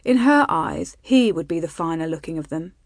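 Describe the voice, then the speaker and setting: A woman reading a romance novel aloud in a soft, intimate, measured way. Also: sits low, animated, no room sound, clean studio sound. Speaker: audiobook narrator. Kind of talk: scripted romance narration.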